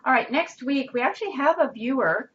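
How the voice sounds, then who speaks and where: A woman's voice: high voice, expressive, a little fast, fairly bright tone, lo-fi sound, a little hiss or hum. A woman co-hosting a live web show in casual chat, rambling with many "you know"s and "right"s. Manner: rambling, filler-heavy, says "you know" and "right" often.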